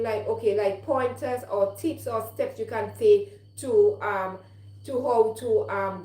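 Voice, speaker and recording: A woman's voice: mid-range voice, dark tone. A middle-aged woman giving earnest, repetitive life advice in a live-streamed motivational talk, with frequent fillers. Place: home in London. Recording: echoey room.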